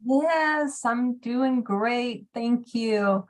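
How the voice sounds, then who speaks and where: A woman checks in with her support group over a video call. She talks slowly and politely, with a hesitant edge as she asks her question. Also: fairly high pitch.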